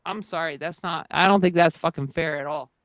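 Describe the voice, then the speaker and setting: A woman's voice: deep voice, fairly quick, fairly bright tone, dry recording. A woman gaming streamer ranting in casual talk, angry and profane with many restarts.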